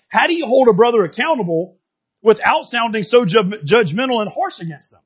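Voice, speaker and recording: A man's voice: high-pitched, fairly bright tone, breathy edge, lo-fi sound. A man preaching a sermon in a casual, emphatic way, often repeating and restarting his words.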